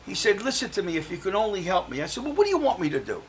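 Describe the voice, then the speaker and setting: A man's voice: high voice, very animated, very fast, slight background noise, poor audio. An older man, a guest on a talk show, telling his personal story and acting out the voices of the people he quotes.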